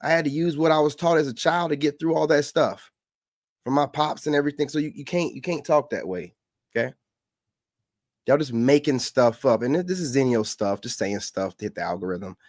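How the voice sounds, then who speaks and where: A man's voice: a little high, lively intonation, fairly quick, darkish tone, no echo, clean studio sound. A man from the Carolinas giving casual reaction commentary, lecturing and repeating his points for emphasis.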